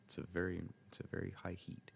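Low-voiced joking podcast co-host, a man. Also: monotone, fast, creaky, a little hiss or hum. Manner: joking, laughs at his own puns. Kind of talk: casual chat.

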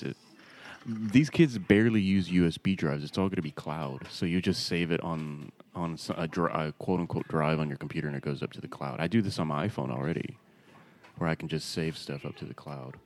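A man co-hosting a casual chat, talking loosely, laughing easily and reading items off a list. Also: deep voice. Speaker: podcast co-host.

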